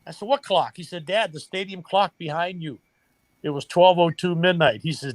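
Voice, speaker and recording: A man's voice: high voice, moderate pace, dry recording. Earnest older man telling a story. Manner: emotional, earnest storytelling with quoted dialogue. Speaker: guest, retired baseball coach. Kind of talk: storytelling in a podcast interview.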